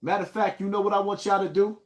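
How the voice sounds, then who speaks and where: A man's voice: high voice, flat delivery, quick pace. A man from the Bronx, hosting a casual live stream and hyping up his viewers. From Bronx, New York. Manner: hyped, calls out viewers by place. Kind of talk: casual livestream talk.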